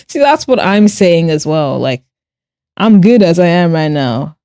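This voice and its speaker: A woman streamer who talks casually while drawing and reads her chat aloud. She is animated, laughs often and swears bluntly. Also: fairly low pitch, slow pace, no room sound, clean studio sound. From Nigeria and Ireland. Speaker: streamer and artist.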